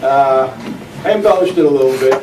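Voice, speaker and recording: A man's voice: mid-range voice, fairly quick. A man telling jokes to a small audience in a folksy storyteller's way, putting on the voices of his characters. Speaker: joke teller. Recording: echoey room, mic at a distance, noisy.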